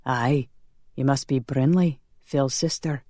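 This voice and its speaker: A narrator voicing a centuries-old male vampire, low, quiet and grave. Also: slow, no echo, studio quality, lightly acted.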